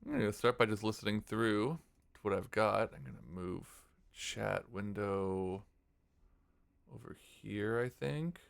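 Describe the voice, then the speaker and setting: Low-voiced man thinking aloud. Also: a little slow, creaky. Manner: relaxed, thinking aloud, mumbles and scats melodies. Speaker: music streamer composing. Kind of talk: casual livestream talk. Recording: faint music under voice.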